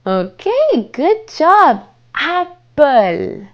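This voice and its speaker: A woman teaching fruit names to young children, repeating each word slowly and prompting them to say it back. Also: high voice, big pitch swings, muffled recording. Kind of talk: slow, sing-song kids' lesson.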